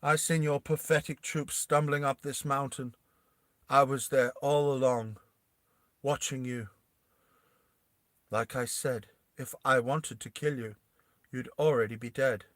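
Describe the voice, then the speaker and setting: A cold woman ruler who threatens in a hushed, low voice, as a man puts her on while retelling a movie. The voice is bright but recorded dry and close, with no room sound, and the delivery is slow and measured. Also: steady tone, dry recording. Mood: cold menace. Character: cold, menacing woman who watches from hiding.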